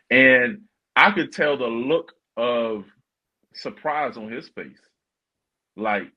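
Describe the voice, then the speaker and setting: A man hosting a podcast, telling a story in a relaxed, slangy way. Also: medium pitch, a little slow. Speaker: podcast host. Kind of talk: casual storytelling. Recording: dull lo-fi sound.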